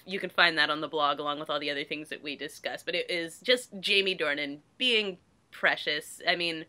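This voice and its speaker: A woman co-hosting a podcast in casual chat, excitable and quick to agree. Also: deep voice. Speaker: podcast co-host.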